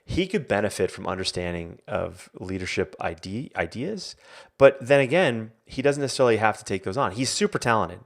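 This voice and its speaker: A man's voice: fairly low pitch, moderate pace. A man hosting a live online Q&A as a coach, talking casually with many fillers and restarts. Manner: rambling, many fillers and restarts, animated quotes. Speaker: coach and host.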